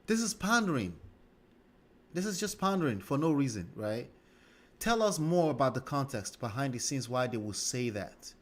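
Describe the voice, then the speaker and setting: A man's voice: medium pitch, big pitch swings, moderate pace. A man hosting a livestream and commenting on a clip, speaking emphatically and checking in with "okay?" and "right?". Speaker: livestream host.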